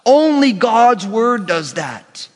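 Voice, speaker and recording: A man preaching a sermon as pastor, animated and acting out quoted voices. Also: very high voice, slow pace. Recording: long church reverb.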